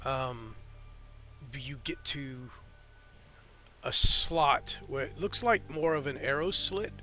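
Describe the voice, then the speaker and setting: Bright-voiced man running a tabletop game. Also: mid-range voice, expressive, takes it slowly, faint music behind. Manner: rambling, with many fillers and restarts. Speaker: game master.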